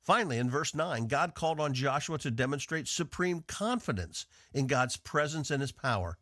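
A man from the northeastern United States teaching a devotional on the radio in an earnest, measured way. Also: fairly high pitch, sing-song, fairly bright tone, no room sound, studio quality. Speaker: radio Bible teacher and host.

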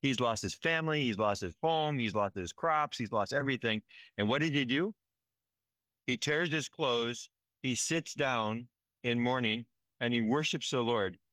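This disaster relief worker talks at normal speed in a mid-range, fairly bright voice, captured in a dry recording. His conversational field report on relief work comes across earnest and emotional, peppered with "right?" to check in.

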